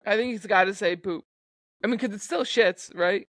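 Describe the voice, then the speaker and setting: A man's voice: high voice, moderate pace, a bit bright, no echo. A young man co-hosting a podcast, chatting casually in a laid-back, profane way. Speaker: podcast co-host. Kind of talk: casual chat.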